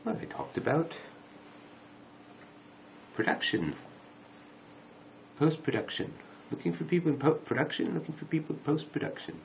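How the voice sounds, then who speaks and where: A man's voice: on the high side, sing-song, moderate pace, gravelly, long pauses, slight background noise, poor audio. A man talking to his viewers in a rambling, wry, self-correcting late-night monologue on a dedicated microphone. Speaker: video blogger. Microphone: dedicated microphone rather than phone.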